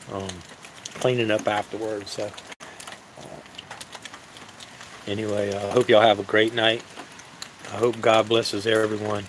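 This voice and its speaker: A man hosting a live cooking stream, talking casually to viewers in a halting, easygoing way with many fillers. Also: on the low side, a little hiss or hum, rough recording.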